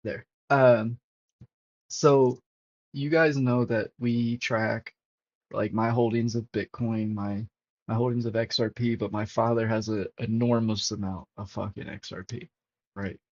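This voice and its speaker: A man hosting a crypto livestream, talking casually and excitably over charts and swearing freely to his chat. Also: fairly low pitch, unhurried. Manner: profane, excitable, talks to chat. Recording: dull lo-fi stream audio.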